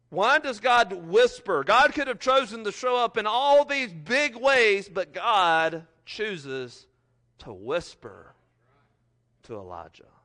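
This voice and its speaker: A pastor with a fairly high-pitched voice preaches a sermon, reading scripture and applying it. He swings between loud, emphatic lines and soft ones that are almost whispered.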